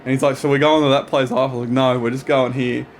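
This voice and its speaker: A young man co-hosting a podcast, laid-back and halting, often laughing. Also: medium pitch, flat delivery, a little hiss or hum. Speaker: podcast co-host. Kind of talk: casual banter.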